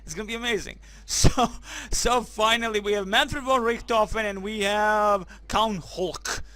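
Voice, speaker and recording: A man giving crude, joking, excitable commentary while playing a video game, now and then crying out German phrases. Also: high-pitched, measured pace, dry recording. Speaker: gaming commentator. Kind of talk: let's play commentary.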